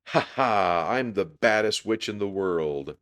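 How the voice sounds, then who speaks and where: Storybook kindergarten girl, rowdy and gleeful, shouting; a man reads her. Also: lowish voice, lively intonation, takes it slowly. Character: rowdy little girl in witch mask.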